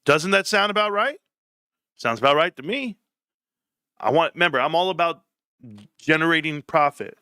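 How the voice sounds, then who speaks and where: Man, livestream host, animated, rambling, bright tone, dry close mic. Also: on the high side, normal speed, long pauses, clear, resonant tone, no echo. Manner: animated, rambling, swears casually. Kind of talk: casual livestream chat. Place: home.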